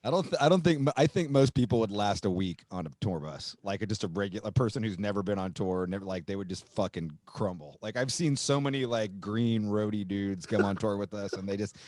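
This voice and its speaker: A man hosting a podcast, a touring musician, chatting casually with quick asides and easy swearing. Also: lowish voice, darkish tone, dry recording. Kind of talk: casual chat.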